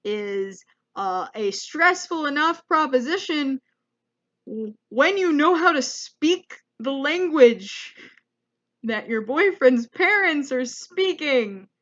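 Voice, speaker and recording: A woman's voice: high-pitched, lively intonation, slow pace, fairly bright tone, lo-fi sound. A young woman, a comedian, telling a rambling, self-deprecating travel story as a vlog monologue. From United States. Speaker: comedian vlogger.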